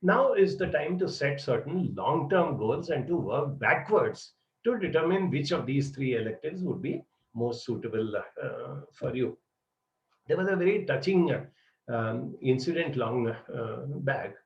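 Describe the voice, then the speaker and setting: Man, gravelly mentor voice, animated storyteller, heard from a distance in a roomy space with a dull lo-fi sound. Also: medium pitch, unhurried. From India. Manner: animated storyteller, frequent "uh" and "you know". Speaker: psychology mentor. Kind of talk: advisory talk with storytelling.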